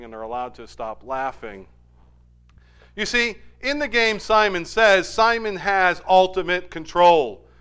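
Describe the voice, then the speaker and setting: A man preaching a sermon as pastor, telling stories with animated swings between loud emphasis and quiet asides. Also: high-pitched, smooth.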